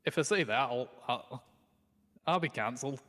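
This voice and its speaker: A man's voice: mid-range voice, lively intonation, normal speed, fairly bright tone. A man joking in character during a game roleplay, crude and fond of mock accents. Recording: long reverb on the voice.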